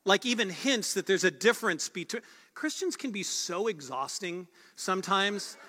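A man's voice: high-pitched, lively intonation, normal speed, pushed and bright. A man preaching a sermon as pastor, earnest and conversational, driving points home with repeated phrases. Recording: long reverb of a large hall.

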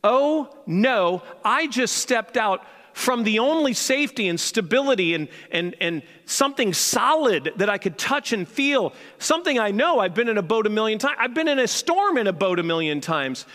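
An impulsive, panicky male disciple, put on by a preacher, with a high, bright voice that cries out in alarm. The voice rings through a long, reverberant hall. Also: big pitch swings, normal speed, few pauses. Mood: anxious. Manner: frantic yelling, then fretful rambling.

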